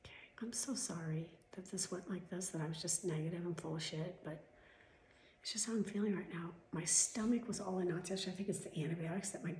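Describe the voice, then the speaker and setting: A frustrated woman vents to her viewers in a casual vlog, swearing and jumping from loud outbursts to hushed asides. Her voice sits a little low and sounds slightly chesty. The room is echoey, with a faint hum of ambience behind her. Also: steady tone, fast talker. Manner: swearing, venting, swings between loud outbursts and whispered asides. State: coughing, chesty. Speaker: vlogger.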